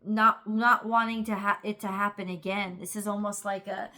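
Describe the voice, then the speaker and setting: A woman's voice: mid-range voice, little pitch movement, moderate pace, pushed and bright. A woman giving a casual tarot reading to camera. She sounds tired and rambles as she thinks aloud, with many fillers. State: tired, yawning. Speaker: tarot reader.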